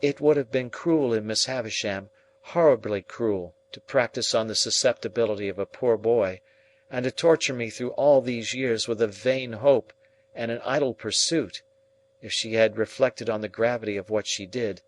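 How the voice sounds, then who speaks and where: A man's voice: medium pitch, moderate pace, lightly acted. A man reading an earnest, lovesick young man who speaks in a pleading, heartfelt way.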